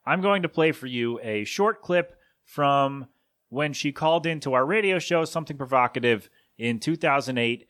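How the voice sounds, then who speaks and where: A man's voice: medium pitch, expressive, moderate pace, a bit bright. A man in his thirties hosting a podcast, telling a story in a casual, rambling way that corrects itself as he goes. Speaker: podcast host.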